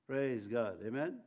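A man's voice: medium pitch, lo-fi sound. A male preacher delivering a sermon with fervour, leading the congregation to repeat lines after him. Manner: fervent, leads congregation in call-and-response.

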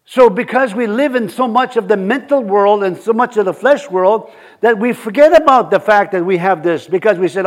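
A man's voice: high voice, expressive, normal speed. A middle-aged man preaching a sermon in a conversational way, often repeating words and building to emphatic points.

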